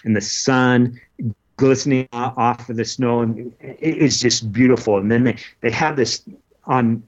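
A man telling the story of his expedition in an interview, earnest and halting, with many restarts. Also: mid-range voice, fairly even intonation, highs cut off. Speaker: interview guest, polar adventurer. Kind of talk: casual recounting of an expedition.

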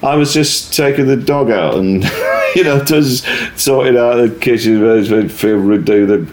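A middle-aged man in casual conversation, telling stories in a rambling, self-interrupting, animated way. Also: mid-range voice, takes it slowly, noisy background. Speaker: guest, performer.

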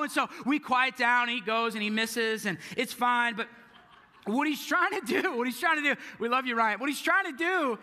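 A young male pastor with a high, very bright voice delivers a casual, story-driven sermon. He drops to a hush and then pushes hard on key lines, and his voice rings with long reverb through a church hall. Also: lively intonation, normal speed. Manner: casual, storytelling, swings from hushed to emphatic.

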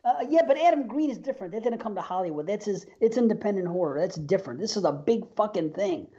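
A man hosting a podcast in loose chat, rambling with false starts, swearing and laughing often. His voice is mellow, and the sound is a bit dull. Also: high voice, expressive, quick pace. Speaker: podcast co-host. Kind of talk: casual chat.

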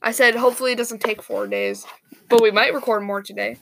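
A woman's voice: a little high, very animated, a little fast, creaky, a bit bright. A young woman co-hosting a casual podcast, playful and giggly, often tripping over her words. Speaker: podcast co-host. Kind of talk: casual chat.

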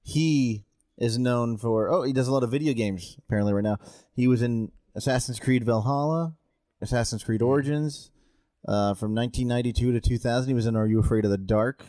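A man's voice: mid-range voice, fairly quick, warm tone, no room sound. A man, an actor, casually telling a story in chat and laughing at himself now and then. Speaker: actor, podcast co-host.

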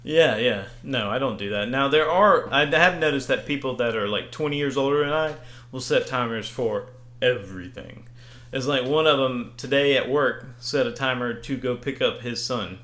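A man's voice: medium pitch, moderate pace, fairly bright tone, echoey room. A man co-hosting a podcast in casual chat, joking, teasing and crude. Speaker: podcast co-host.

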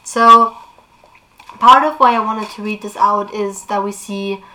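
Woman book vlogger, mid-pitched, casual chatty recap, reads aloud. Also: fairly even intonation, unhurried, bright, forceful tone, rough recording.

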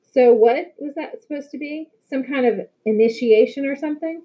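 A wary teenage boy speaks tensely and warily, as a woman reader puts him on. The voice sits a little high. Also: normal speed, highs cut off, close to an everyday voice. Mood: guarded. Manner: tense, guarded. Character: upset, wary teenage younger brother.

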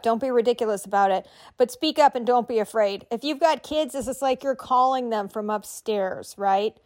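A middle-aged woman hosting a podcast, giving writers friendly, conversational tips. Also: fairly high pitch. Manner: encouraging, conversational, tells listeners what to do. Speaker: podcast host and writing coach. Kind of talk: instructional podcast talk.

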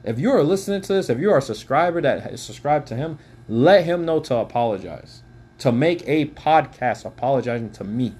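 A man's voice: medium pitch, lively intonation, fairly quick, a little mellow, husky. A man in his twenties delivering an angry, profane rant as a podcaster, swearing often and speaking straight to the listener. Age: 20s. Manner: heated, swears often, direct address.

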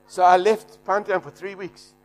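High-voiced preacher man telling a story. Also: normal speed, music in the background. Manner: animated, shouting and laughing through a story. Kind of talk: sermon storytelling.

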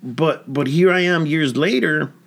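A man's voice: fairly high pitch, measured pace, gravelly, a bit bright. A young adult man, a stand-up comedian, telling a rambling story with lots of swearing in casual podcast chat.

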